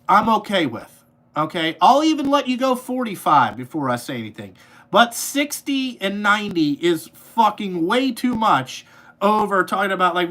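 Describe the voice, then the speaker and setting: A man's voice: high-pitched, big pitch swings, moderate pace, bright, forceful tone. A man ranting angrily into his podcast mic, swearing constantly and rambling with repeated fillers. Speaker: podcast host, trucking business owner. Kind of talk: profane ranting monologue.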